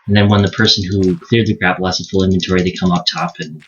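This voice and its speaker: A man's voice: deep voice, expressive, fast talker, a bit bright. A man hosting a casual gaming chat, rambling with fillers and restarts and laughing often. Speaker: let's play host. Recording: lo-fi mic with keyboard clicks and hiss.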